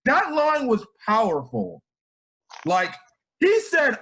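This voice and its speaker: A man with a high voice talks through an anime review in casual chat. His pitch swings widely as he rambles, restarts and drops in slang. He sounds excitable throughout. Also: measured pace.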